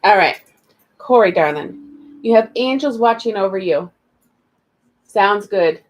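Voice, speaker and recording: A woman's voice: mid-range voice, expressive, slow pace, poor audio. Chatty woman doing live card readings. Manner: chatty, calls viewers darling and sweetie. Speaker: spiritual reader.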